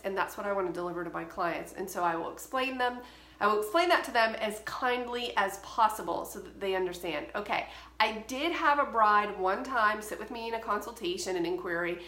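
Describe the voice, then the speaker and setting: A woman's voice: medium pitch, pushed and bright, roomy sound. A woman hosting a photography advice show, speaking firmly and directly. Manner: firm, direct and emphatic. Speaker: photography educator and podcast host. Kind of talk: solo talk to camera, advice.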